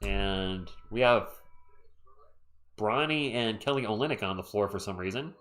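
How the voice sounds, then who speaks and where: This sleepy man's voice is on the low side and slightly bright, and he talks a little slowly. He streams laid-back live play-by-play, chatting with viewers and shouting out the chat between plays.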